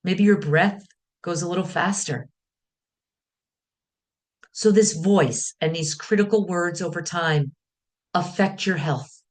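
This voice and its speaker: A woman speaking as a wellness teacher, guiding listeners calmly in short, measured phrases. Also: on the low side. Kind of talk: guided teaching talk.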